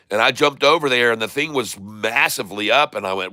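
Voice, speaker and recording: A man talks through his live stock trades and calls out each price and fill as it happens. His voice is bright and smooth. The sound is dry and close. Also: mid-range voice, no echo. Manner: running commentary, repeating tickers slowly. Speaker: stock trading streamer. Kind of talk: live day-trading commentary.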